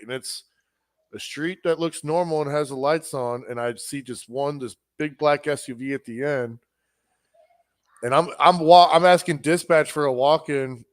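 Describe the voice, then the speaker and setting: A man's voice: a little high, dry recording. A man co-hosting a podcast, telling a long story in a rambling, profane way and acting out other people's voices. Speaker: podcast co-host. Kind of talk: casual storytelling chat.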